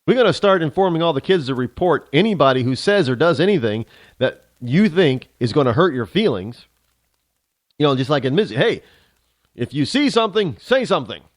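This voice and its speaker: High-voiced, ranting talk show host man. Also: lively intonation, a little fast, no room sound. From United States. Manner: ranting, sarcastic. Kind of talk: opinionated monologue.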